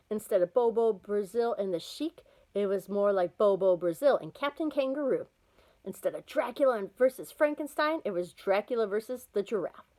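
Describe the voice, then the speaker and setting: A woman reading a children's novel aloud, with lively, expressive storytelling. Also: mid-range voice, rough recording. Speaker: storybook reader.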